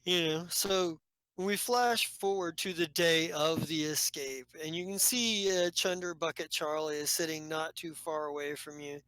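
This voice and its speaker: A woman's voice: low-pitched, measured pace, a bit bright, smooth, dry recording, rough recording. A woman narrating as game master of a tabletop role-playing game, rambling with many fillers and restarts.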